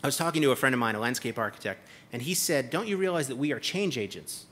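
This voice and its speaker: Give me a male conference keynote speaker with a punchy, sarcastic delivery and a bright voice. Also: mid-range voice, expressive, fast, slight background noise. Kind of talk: comedic keynote speech. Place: conference hall stage.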